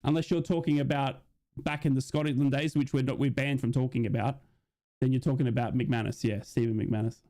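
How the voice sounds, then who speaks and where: An Australian man streaming a football watch-along, chatting with viewers in a rambling, excitable way and often asking "you know what I mean?". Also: medium pitch, fairly quick. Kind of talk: live commentary chat with viewers.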